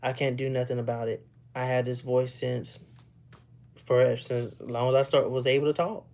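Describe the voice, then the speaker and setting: Young guy on a stream, kinda high voice for a dude, laughs a lot, just joking around with chat. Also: flat delivery, moderate pace, gravelly, darkish tone. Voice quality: rather high-pitched for a man. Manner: laughs often, loose and playful, teases chat. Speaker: livestreamer chatting with viewers. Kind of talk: casual live chat.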